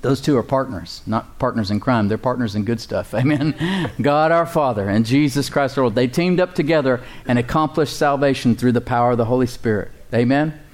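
A man's voice: mid-range voice, fairly quick, few pauses, darkish tone. Male pastor, sermon delivery, call-and-response, chuckling.

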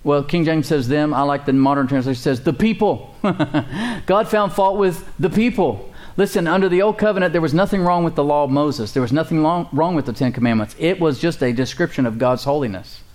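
Male preacher with a raised voice, sermon with call-and-response, slow stress on key phrases. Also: a little high, darkish tone. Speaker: pastor.

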